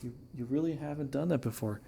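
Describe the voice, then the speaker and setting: A man's voice: mid-range voice, quick pace, creaky, dark tone, husky. A man giving a casual, rambling tarot reading as an amateur reader, joking and restarting his sentences as he goes.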